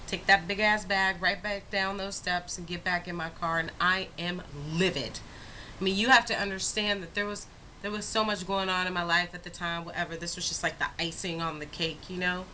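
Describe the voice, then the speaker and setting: Young woman, casual vlog storyteller, bright tone, lively and expressive delivery. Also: lowish voice, moderate pace, a little hiss or hum, rough recording. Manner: animated, expressive retelling with rhetorical asides. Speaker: vlogger.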